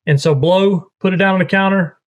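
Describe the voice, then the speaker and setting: Casting: man, a bit high-pitched, rambling how-to explainer, casual. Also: steady tone, brisk. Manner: rambling, repeats steps while explaining. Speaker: duck calling guest. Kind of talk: casual instructional chat.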